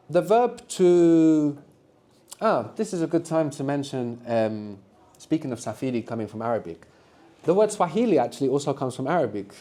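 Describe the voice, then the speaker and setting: A man's voice: fairly high pitch, dark tone. A man teaching a live beginners' language workshop to students in a classroom, patient and encouraging, explaining step by step. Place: university classroom.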